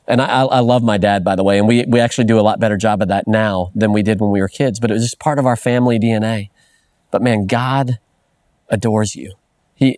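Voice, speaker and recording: A man's voice: on the low side, a little mellow, no room sound, studio quality. A middle-aged man preaching a sermon in an earnest, conversational way, often restarting phrases and adding "man" as a filler. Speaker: pastor.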